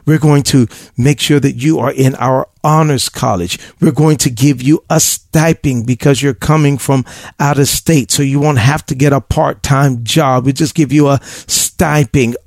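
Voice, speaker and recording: A man's voice: medium pitch, steady tone, measured pace, dry recording, clean studio sound. A man hosting an advice podcast, talking in an emphatic, preachy way and laughing often.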